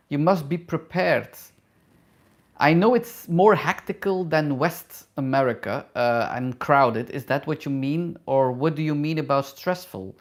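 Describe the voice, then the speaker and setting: During a live Q&A that feels like a casual chat, a middle-aged man who works as a travel vlogger and hairdresser reads out viewers' questions. He answers in a mid-range voice, speaking halting, non-native English full of fillers.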